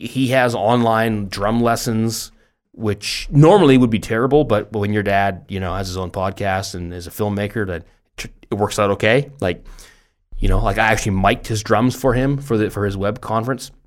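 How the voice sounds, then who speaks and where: A man's voice: lowish voice, normal speed. A middle-aged man hosting a podcast in casual chat, rambling and self-deprecating, often stumbling over his words. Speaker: podcast host.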